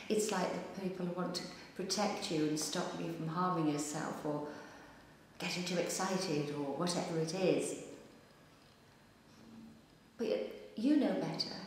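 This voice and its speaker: A woman's voice: lowish voice, a little hiss or hum. Female practitioner, soothing repetitive guidance; reverberant room. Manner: calm, repetitive coaching phrases. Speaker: EFT practitioner. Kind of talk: guided tapping instruction. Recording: echoey room with long reverb.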